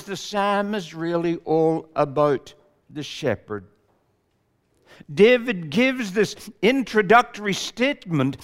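A man preaching a sermon in a measured, emphatic way, building lists for effect. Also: on the high side, fairly bright tone. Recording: long reverb of a large hall.

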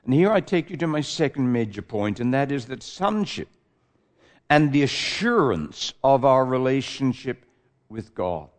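A man preaching a sermon, stressing key words hard and then dropping his voice low. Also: animated, normal speed.

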